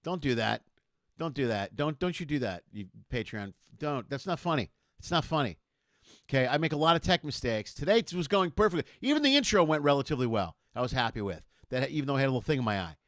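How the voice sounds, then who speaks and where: A man's voice: medium pitch, big pitch swings, quick pace, a bit bright, no room sound, studio quality. A middle-aged man hosting an online comedy show over a video call, bantering and mocking himself. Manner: jokey, self-mocking banter.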